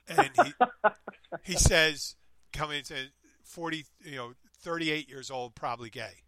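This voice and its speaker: A man's voice: fairly high pitch, moderate pace, noisy background. A man in casual chat, telling stories in a meandering way and often interrupting himself. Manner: meandering, self-interrupting, animated retelling. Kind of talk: casual chat, rambling storytelling.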